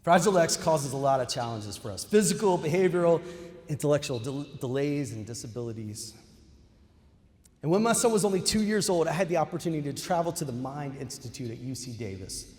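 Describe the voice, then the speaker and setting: A man's voice: fairly high pitch, lively intonation, fairly quick, darkish tone. A middle-aged man giving a ceremony keynote speech, telling a story and addressing the audience as y'all. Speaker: keynote speaker. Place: large hall. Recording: echoey hall with long reverb.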